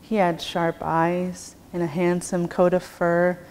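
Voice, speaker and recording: Woman storyteller, low voice, very slow measured telling, long hall reverb. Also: completely flat delivery, darkish tone. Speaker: storyteller, language teacher. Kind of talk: traditional storytelling. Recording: long reverb, faint background noise.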